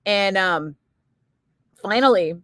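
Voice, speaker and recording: A woman's voice: mid-range voice, lively intonation, slow pace, a bit bright, no echo, studio quality. A woman radio DJ telling a rambling story in casual on-air chat, full of filler words. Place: radio studio.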